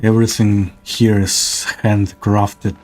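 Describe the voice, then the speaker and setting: Man, streamer, casual gameplay commentary, hesitant, slow, faint music behind. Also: on the low side, little pitch movement, a little mellow. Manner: hesitant, many fillers.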